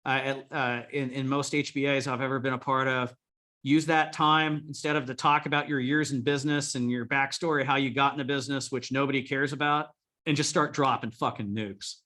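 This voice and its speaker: A man's voice: mid-range voice, fairly even intonation, fairly quick, bright, forceful tone. A man coaching a group of remodelers in a blunt, profane style, rallying his listeners. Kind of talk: coaching talk to a live group.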